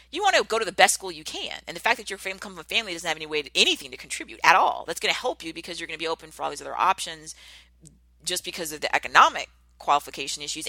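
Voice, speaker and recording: A woman's voice: lowish voice, sharp tone, no echo. A middle-aged woman hosting a podcast, talking earnestly in a rambling casual monologue full of fillers and restarts. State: tearing up, emotional. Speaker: podcast host.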